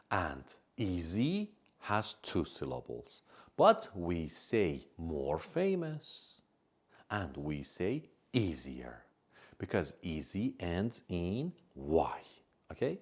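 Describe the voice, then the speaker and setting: A man teaching an English grammar lesson, speaking carefully, stressing key words and pausing for learners to answer. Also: low-pitched, a little mellow.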